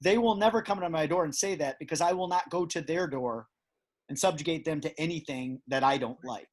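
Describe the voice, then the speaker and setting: This podcast host is a man whose voice is a little high and a little fast. His casual chat rambles, with emphatic bursts and many restarts.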